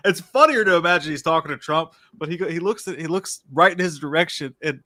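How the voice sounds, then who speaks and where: Man, podcast co-host, bright forward voice, laughs a lot, animated profane storytelling. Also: on the high side, fast. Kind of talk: casual profane chat.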